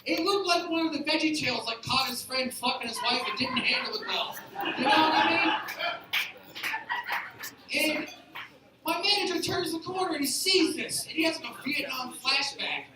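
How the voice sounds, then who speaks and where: A man's voice: very high voice, moderate pace, very noisy. A man doing a stand-up comedy set, telling rambling, profane stories at a live show. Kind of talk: stand-up storytelling. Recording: echoey room picked up from a distance.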